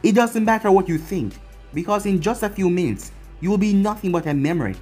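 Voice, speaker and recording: A man voicing a cocky, mocking young male ninja in a fan-written story reading, in a lively, husky voice. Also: sits high, a little fast, soft background music, pitched above the performer's own voice. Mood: taunting. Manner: brash, taunting.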